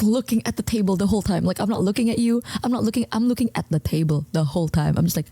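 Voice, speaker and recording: A young woman streamer talking quietly at home, telling a story to her chat with animated, stammering imitations of herself. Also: mid-range voice, quick pace, gravelly, breathy edge, no echo. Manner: hushed, quiet, keeps voice down. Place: at home, indoors.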